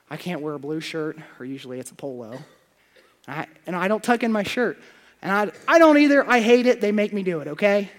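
Male pastor, sermon, gravelly voice, slightly high pitch, confessional, hushed to loud.

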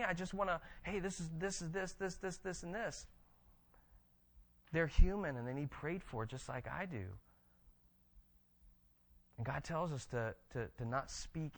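Male pastor, higher register, animated teaching sermon with frequent restarts. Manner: conversational, animated, frequent restarts and tag questions.

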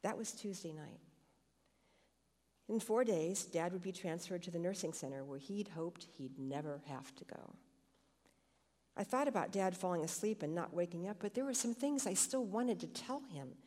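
A woman's voice: fairly low pitch, expressive, normal speed, warm tone, big-room sound. Woman reading a story in a church. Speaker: scripture reader.

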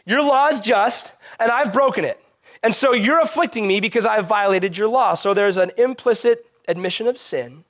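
A man preaching a sermon as a pastor, swinging between loud emphatic rises and quiet, soft drops. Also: high voice.

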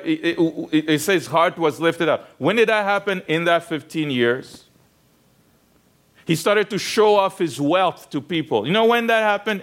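A man's voice: high-pitched, a bit bright. A man preaching a sermon, retelling a story with rhetorical questions to the congregation and frequent restarts. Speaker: pastor.

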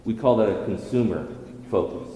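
A man preaches a sermon with a mellow, relaxed tone, often restarting phrases and asking rhetorical questions. His voice rings out in a large hall, with a long reverb trailing every line. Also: lowish voice, normal speed, slight background noise. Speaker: pastor. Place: church hall.

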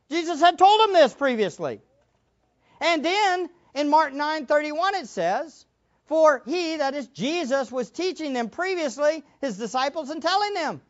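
A high-voiced woman preaching a Bible lesson, her pitch leaping around as she acts out the scenes. The recording is dull and lo-fi. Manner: animated, emphatic, laughs and acts out quotes. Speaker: Bible teacher. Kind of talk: sermon.

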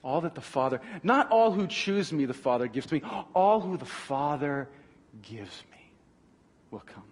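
High, lively-voiced preacher in a reverberant hall. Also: male voice, moderate pace. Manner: animated, emphatic preaching with restarts. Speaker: pastor. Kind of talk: sermon.

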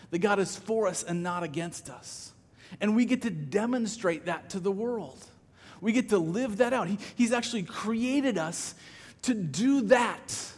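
Man, pastor, conversational sermon, stumbles and repeats words, high voice, long reverb. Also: darkish tone. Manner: conversational, repeats words when starting phrases.

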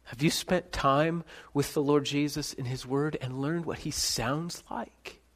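A man delivers a sermon at an unhurried, measured pace. His voice sits a little on the high side, and he moves between quiet, intimate questions and loud, ringing calls. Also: steady tone. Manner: dramatic shifts between soft and loud, calling out names. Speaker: pastor.

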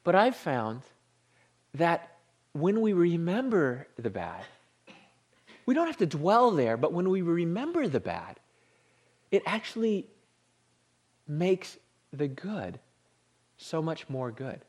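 A man preaching at a slow, deliberate pace, his fairly high voice rising and falling widely. He leans into key words, then drops to a hushed low tone on the sacred ones. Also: huge pitch swings, slightly rough. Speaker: pastor. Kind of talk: sermon.

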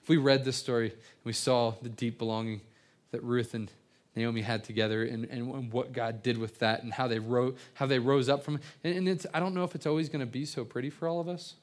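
A man's voice: mid-range voice, fairly even intonation, brisk. A man preaching an evening sermon, telling stories earnestly with frequent stammered restarts and repeated words. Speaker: pastor.

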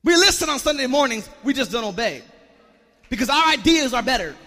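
Male pastor with a very high voice, preaching with shouted calls to the congregation in a reverberant church. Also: very animated, fairly quick. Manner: call-and-response preaching, repeats words, rising to shouts. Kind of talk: sermon. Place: church sanctuary.

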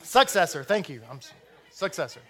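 A man's voice: high-pitched, animated, normal speed, sharp tone. A man preaching a sermon as rabbi, blunt and rousing, with jokey asides to the congregation.

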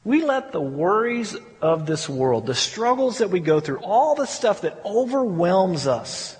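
Brief male pastor with a high voice, candid conversational sermon full of restarts, long hall echo. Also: sing-song, a little slow.

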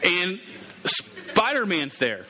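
A man's voice: high voice, very animated, very slow, a crowd in the background. A man giving a casual, playful sermon as a youth pastor, calling out to his group. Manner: playful, interactive, calls out to the group.

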